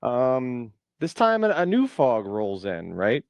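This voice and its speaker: A man's voice: mid-range voice, wildly swooping pitch, slow, dry recording, highs cut off. A man co-hosting a podcast, telling a jokey story in a playful, casual way. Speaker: podcast co-host. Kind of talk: casual chat.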